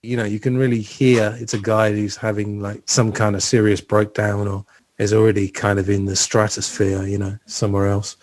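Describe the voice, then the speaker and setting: A man's voice: lowish voice, level tone, normal speed, darkish tone, dry recording. Chatty man hosting a film podcast. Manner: chatty, rambling, trivia-filled storytelling. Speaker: podcast host. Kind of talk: casual film podcast chat.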